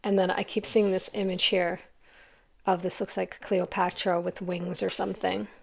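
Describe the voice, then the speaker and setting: A woman's voice: on the low side, little pitch movement, moderate pace, creaky. A middle-aged woman giving a pick-a-card tarot reading in a chatty, emotional, rambling way.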